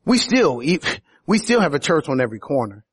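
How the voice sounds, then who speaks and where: Husky-voiced man preaching with emphasis. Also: a little high, big pitch swings, a little fast. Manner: preaching with rising emphatic peaks on key phrases. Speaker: pastor. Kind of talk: sermon.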